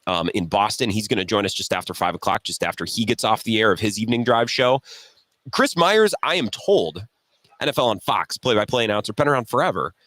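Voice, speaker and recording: A sports radio host talks at a middle pitch, and his voice swings up and down a lot as he tells stories. He pokes fun at himself in a relaxed, chatty way. The sound is close and dry. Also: fairly quick, dry recording. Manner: animated, self-deprecating storytelling. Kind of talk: casual sports talk radio monologue. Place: radio row broadcast table.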